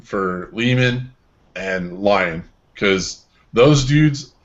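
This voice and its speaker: A man's voice: fairly low pitch, lively intonation, very slow, lo-fi sound. A man co-hosting a casual webcast, laid-back and joking. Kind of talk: casual chat.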